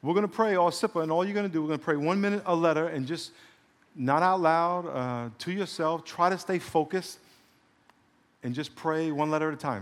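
A man's voice: fairly high pitch, brisk. Man preaching in a reverberant hall. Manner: preaching with call-and-response, then softly guiding prayer. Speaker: pastor. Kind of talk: sermon.

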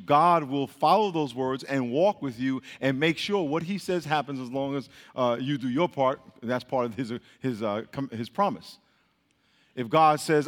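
A man preaching with a slightly high voice, drilling his congregation in call-and-response and firing off repeated prompts. His voice rings out in a hall with a long reverb. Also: normal speed.

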